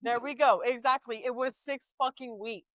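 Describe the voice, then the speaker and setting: A young woman sits in on a podcast, lightly teasing her older sibling in relaxed talk. Her voice is a little high and very smooth. The recording is dry and close. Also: moderate pace, no room sound. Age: young adult. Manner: teasing, laid-back. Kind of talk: casual chat.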